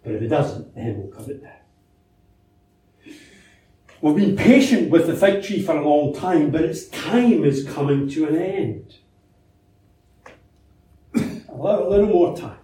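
A man's voice: a little high, lively intonation, a little slow, pauses often, warm tone. A man preaching a sermon in a conversational way, asking rhetorical questions and telling anecdotes, heard in a church. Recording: very echoey church hall from a distance.

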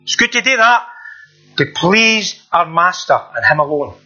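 A man's voice: high voice, animated, unhurried, bright, forceful tone. A man preaching a sermon in an earnest, conversational way, repeating himself and asking the listeners rhetorical questions. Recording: dull lo-fi recording.

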